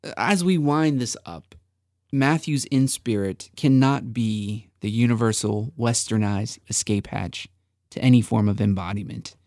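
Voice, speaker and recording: Man, mid-pitch, gravelly, earnest faith-podcast co-host. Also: unhurried, darkish tone, no echo, clean studio sound. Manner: earnest, preacher-like emphasis. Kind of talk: reflective faith podcast talk.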